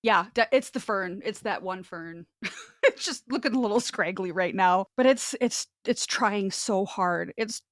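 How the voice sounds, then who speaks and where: A woman's voice: medium pitch, a little slow, no room sound, clean studio sound. Chatty woman host from North Dakota. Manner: chatty, self-deprecating, laughs often. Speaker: podcast host. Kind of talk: casual podcast chat.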